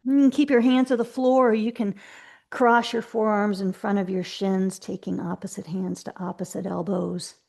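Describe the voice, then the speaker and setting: A woman teaching a live yoga class over a video call, giving slow, gentle cues with soft asides. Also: mid-range voice, level tone, gravelly.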